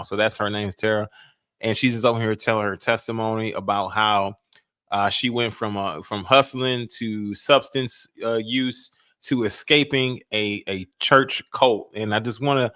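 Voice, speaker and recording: A man hosting a podcast, giving casual commentary on a clip he is reacting to, with many pauses and fillers. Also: lowish voice, sharp tone, dry recording, clean studio sound.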